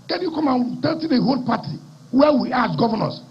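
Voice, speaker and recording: A man's voice: very high-pitched, big pitch swings, fairly quick, creaky, slightly rough. A man with a Nigerian accent, a governor giving a fiery, combative rally speech and repeating phrases for emphasis. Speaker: state governor. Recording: muffled live broadcast audio.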